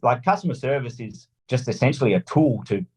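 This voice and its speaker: An Australian man telling a story on a podcast, animated and swearing, acting out little scenes. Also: medium pitch, fairly quick, husky, rough recording. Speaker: lawn mowing franchisee guest.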